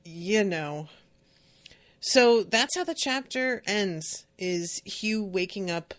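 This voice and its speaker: A woman hosting a podcast, chatting casually about a book in a candid, emotional, rambling way, full of fillers. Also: lowish voice. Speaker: podcast host. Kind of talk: casual book-discussion chat.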